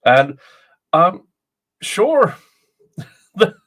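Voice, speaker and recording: A man's voice: high voice, very animated, very slow, fairly bright tone. A man hosting a casual livestream, reading aloud and chuckling often at his own jokes. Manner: chuckles often, jokey asides. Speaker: livestream host commenting on a trial. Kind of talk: casual live commentary.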